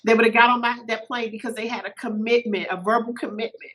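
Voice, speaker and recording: Woman, middle-aged, podcast guest, bright tone, animated storytelling, slightly teary. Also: fairly high pitch, fast talker, rough recording. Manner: animated, acts out quoted voices. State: a little teary-eyed. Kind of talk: emotional personal storytelling.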